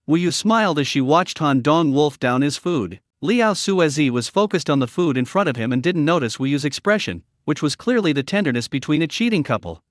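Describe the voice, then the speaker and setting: A man reading a story recap aloud as scripted narration, with a lively storyteller delivery. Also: a little high, no room sound, studio quality.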